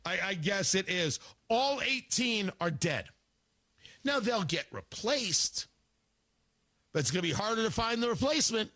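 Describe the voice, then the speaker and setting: A male radio talk show host giving political commentary, animated and sarcastic, acting out mocking voices. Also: high-pitched, unhurried, dry recording.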